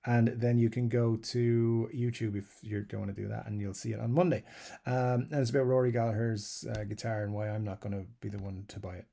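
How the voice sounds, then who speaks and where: A man's voice: fairly low pitch, steady tone, fairly quick, creaky, mellow. A man hosting a live guitar stream, reading out viewer comments and answering them in a loose, rambling way with lots of fillers and chuckles. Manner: rambling, self-described waffler, many fillers. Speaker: guitar channel host.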